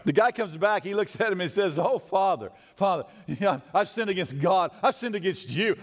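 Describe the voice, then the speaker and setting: A male pastor delivers a sermon with a lively, rising and falling pitch that sits a little above the usual. He swings from loud declarations to hushed asides. His voice rings with the long reverb of a church sanctuary. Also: normal speed, few pauses. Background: congregation responses.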